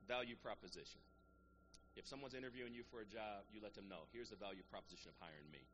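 A man's voice: lowish voice, fast talker, fairly bright tone, lo-fi sound, a little hiss or hum. A man preaching a sermon to a congregation, rising into emphatic call-and-response and easing back into plain teaching.

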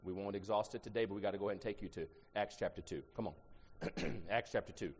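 A middle-aged man from Ohio with an Ohio accent, preaching a sermon. He swings between shouted emphasis and low asides and draws the congregation into call-and-response. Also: fast, husky. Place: church sanctuary. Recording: long reverb in a large hall.

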